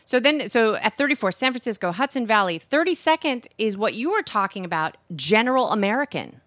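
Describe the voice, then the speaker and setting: A woman's voice: a little high, big pitch swings, fairly quick, a bit bright, dry recording, studio quality. A woman co-hosting a radio show, chatty and wry, reading items from a list aloud and commenting on them.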